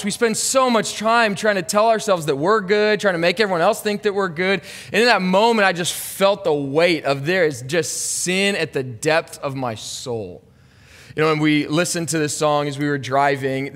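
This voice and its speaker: In a church sanctuary with long hall reverb, a pastor in his thirties delivers an earnest, confessional sermon that builds toward urgent emphasis. His voice is fairly high and a bit bright.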